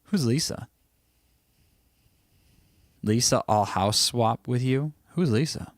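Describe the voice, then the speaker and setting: A livestream host chats loosely and reacts to viewers' live comments, speaking slowly and expressively in a medium-pitched voice. His throat sounds a little scratchy, and the recording is dry.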